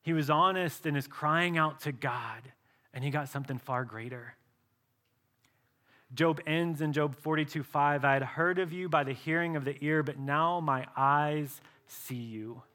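A male pastor preaching a sermon earnestly, often dropping to a soft, slow voice for emphasis. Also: fairly high pitch.

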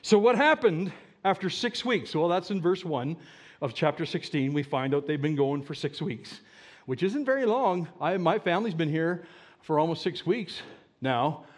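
A middle-aged man preaching, his voice pitched high and swinging widely from line to line. He throws rhetorical questions at the congregation and leans into emphatic, animated phrasing. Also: moderate pace. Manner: animated, rhetorical questions, mock-whiny quoting. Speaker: pastor. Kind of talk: sermon.

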